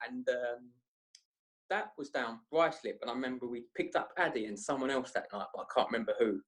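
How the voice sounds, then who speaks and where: A young man tells long, rambling stories in a casual, slangy way. His voice sits in an ordinary middle register, and he keeps the energy animated as he talks. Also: medium pitch, fairly quick. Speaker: podcast guest. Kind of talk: casual storytelling chat.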